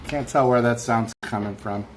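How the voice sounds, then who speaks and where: A man's voice: mid-range voice, moderate pace, a little hiss or hum. Rambling man chatting on a live stream. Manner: rambling, chatty, reads viewer comments aloud. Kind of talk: casual live chat. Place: home room with a fan running.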